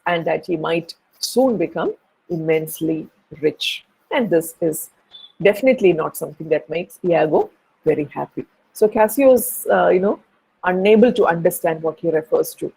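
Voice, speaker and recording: Soft-toned woman lecturing on a play. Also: on the low side, vocal fry, slightly rough, low-quality recording. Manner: hesitant, many fillers and restarts. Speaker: literature teacher. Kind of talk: lecture explaining a play, reading quoted lines.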